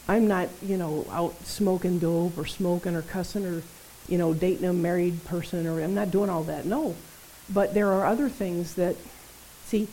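A woman preaching a sermon in a conversational, animated way, often checking in with her listeners. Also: fairly low pitch, a little hiss or hum, rough recording. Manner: conversational, animated, tag questions.

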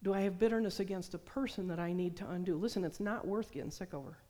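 A woman's voice: lowish voice, fast, dark tone. A middle-aged woman preaching a sermon, telling stories and acting out the voices she quotes. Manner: storytelling, acts out quoted voices. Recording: long hall reverb.

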